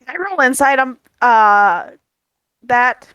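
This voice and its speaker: Bright, tired-sounding woman player. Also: high-pitched, animated, clear, resonant tone, dry recording, highs cut off. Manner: halting, self-correcting. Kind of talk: casual tabletop chat.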